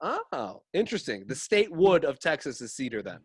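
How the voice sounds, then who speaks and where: A man hosting a podcast, asking questions in a chatty, quick, easily amused way. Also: fairly high pitch, big pitch swings, husky, dry recording. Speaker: podcast host. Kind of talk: casual podcast interview.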